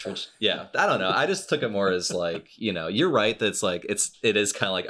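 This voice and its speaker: A man co-hosting a comics podcast with a very deep voice. He talks haltingly, restarting and laughing as he searches for his words. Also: lively intonation, fairly bright tone. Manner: hesitant, laughing, many likes. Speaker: podcast co-host. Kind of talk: casual chat.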